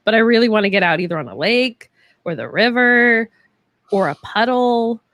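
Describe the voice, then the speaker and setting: A woman cohosting a casual chat on a video call, chatty and joking and quick to laugh. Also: fairly high pitch, animated, a bit bright, no room sound.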